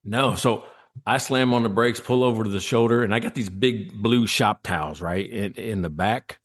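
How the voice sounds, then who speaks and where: Podcast guest, man, lowish voice, animated storyteller who acts out quotes and laughs a lot. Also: moderate pace. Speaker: guest, former state trooper.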